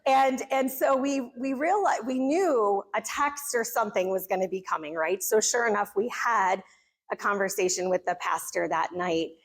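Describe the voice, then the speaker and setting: A middle-aged American woman speaking to a church gathering, telling a personal story in an earnest, animated way. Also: medium pitch, normal speed, husky. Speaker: conference speaker. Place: church hall.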